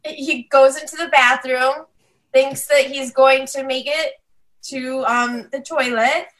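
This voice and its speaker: Bright, high-voiced bubbly woman. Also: steady tone. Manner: bubbly, laughs often, quick storytelling. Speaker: bakery co-owner, guest. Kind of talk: casual podcast chat. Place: home, on a video call. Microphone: video call mic.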